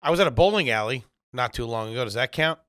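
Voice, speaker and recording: A man with a bright, forward voice trading jokes on a podcast. He plays it deadpan and defends himself with mock seriousness. The sound is dry and close. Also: mid-range voice, fast talker, no room sound. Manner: deadpan, joking, defensive banter. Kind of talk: casual comedy chat.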